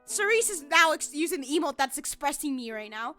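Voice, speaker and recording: A woman's voice: high-pitched, very animated, moderate pace, hardly any pauses, bright, forceful tone. A woman streamer reading a visual novel aloud and reacting emotionally, with exclamations, over faint music. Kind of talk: let's play reading and reacting.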